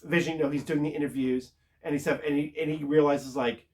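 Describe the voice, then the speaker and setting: Rambling, halting male TV reviewer. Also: mid-range voice, fairly even intonation, a little mellow. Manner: rambling, halting, lots of filler words. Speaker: TV show reviewer. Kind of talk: casual spoiler recap.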